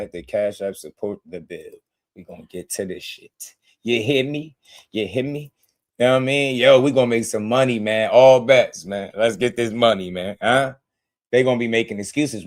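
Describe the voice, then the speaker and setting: His mid-range voice moves briskly as this boxing podcast host gets worked up on a livestream. Laughing and animated, he swings from shouting down to muttering.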